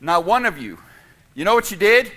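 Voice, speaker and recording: A man preaching a sermon as pastor in a church, animated and emphatic, swinging from loud peaks to quiet passages. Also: high voice, normal speed. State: out of breath. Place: church sanctuary.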